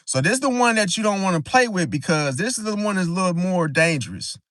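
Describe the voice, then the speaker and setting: A man's voice: high voice, expressive, fast, fairly bright tone, no room sound. A man hosting an astrology livestream, talking in an emphatic, preachy way and often tagging "see?" onto his points. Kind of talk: casual livestream talk.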